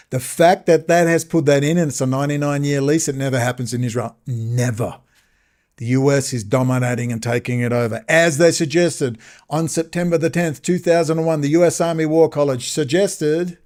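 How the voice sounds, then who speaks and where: Male host, solo commentary, higher voice, agitated and sarcastic. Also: darkish tone.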